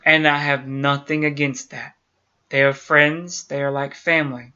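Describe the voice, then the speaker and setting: Earnest man with a bright voice. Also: medium pitch, level tone, measured pace, clear, resonant tone. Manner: earnest, talks straight to viewers. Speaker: YouTube channel host. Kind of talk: casual talk to camera. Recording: dull lo-fi sound.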